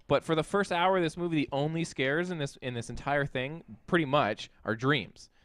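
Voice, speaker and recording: A man hosting a casual film review chat, animated and profane, acting out quotes from scenes. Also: fairly high pitch, moderate pace, no echo. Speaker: podcast host, film reviewer.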